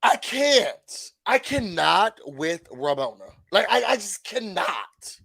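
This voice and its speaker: Man, high voice, animated reality-show recap, dry close mic. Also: takes it slowly, vocal fry, no echo. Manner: chatty, animated, acts out quotes.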